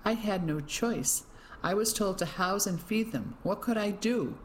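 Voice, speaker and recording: The narrator voicing a frightened, defensive middle-aged village woman who pleads slowly in a raised voice. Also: a little hiss or hum, lightly acted. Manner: high, pleading and slow.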